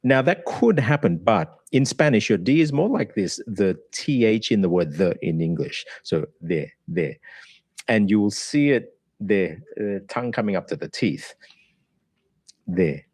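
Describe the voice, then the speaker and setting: A deep-voiced Australian man explains pronunciation in a deliberate, patient way, repeating sounds slowly to demonstrate them. The recording is dry and close, with no room sound. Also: lively intonation, darkish tone, no echo. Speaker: pronunciation coach. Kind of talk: pronunciation analysis.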